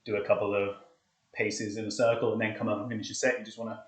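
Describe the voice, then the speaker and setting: A man's voice: fairly low pitch, level tone, quick pace, a little hiss or hum. A young man leading a live workout, chatting casually and counting reps aloud, out of breath. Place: hot flat, indoors. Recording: echoey room.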